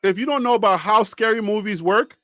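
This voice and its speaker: A man hosting a live sports reaction stream, talking straight to his chat in a rambling, animated way. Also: high voice, a little fast, no room sound. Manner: shouting and cheering with joy; emotional, near tears, thanking God.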